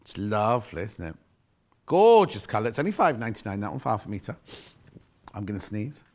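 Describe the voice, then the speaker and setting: Heard through a clip-on mic in a TV studio, this UK presenter on a live shopping channel keeps the sales chat playful, ribbing his co-host and calling out fabric prices. His voice is on the low side, sing-song, a little fast, and a little mellow.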